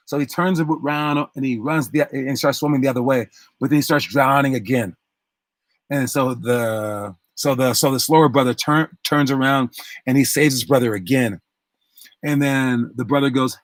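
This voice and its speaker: A man's voice: medium pitch, moderate pace, no echo. A man working as a basketball coach, giving a motivational talk to his players and retelling a story with acted-out quotes and frequent restarts.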